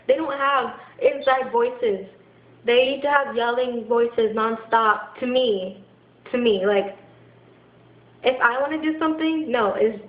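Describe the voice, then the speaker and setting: A young woman pours out her frustration, stopping and restarting as she talks. Her voice sits a little high, and the recording is muffled and lo-fi, with a roomy echo around it. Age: young adult. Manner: frustrated, halting, many restarts and fillers. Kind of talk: venting to camera. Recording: echoey room, dull lo-fi sound.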